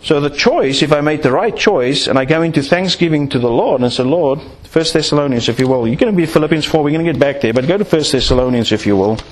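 A man's voice: a little high, lively intonation, quick pace, hardly any pauses. A man preaching a sermon, acting out little scenes to make his points. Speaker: pastor.

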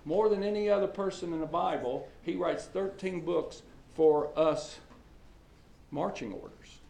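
A man's voice: fairly high pitch, a little slow, gravelly, mellow. A middle-aged man preaching a sermon in a folksy storytelling way, with lots of fillers and restarts, in a church hall. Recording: echoey church hall with faint ambience.

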